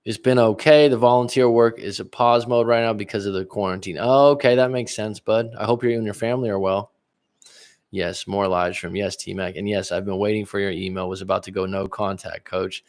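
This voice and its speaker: A man's voice: lowish voice, steady tone, fairly quick, a little mellow. A middle-aged male relationship coach in a casual livestream chat, rambling and reading viewer comments aloud with many restarts. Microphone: livestream webcam.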